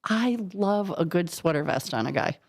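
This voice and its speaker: A woman hosting a casual radio chat in a studio, talkative and quick to laugh, firing off questions. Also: lowish voice, animated, gravelly. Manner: chatty and giggly, quick questions. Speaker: radio host. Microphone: studio microphone.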